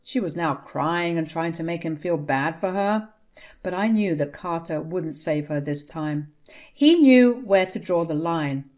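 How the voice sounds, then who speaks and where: A woman narrating a first-person family drama story in a steady, indignant way. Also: fairly low pitch, a little slow.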